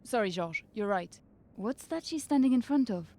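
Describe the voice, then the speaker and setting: A woman's voice: on the high side, animated, normal speed, a little mellow, slight background noise. An actress playing a teasing, sarcastic young woman in an adventure game. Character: sharp-tongued young woman, teasing sidekick.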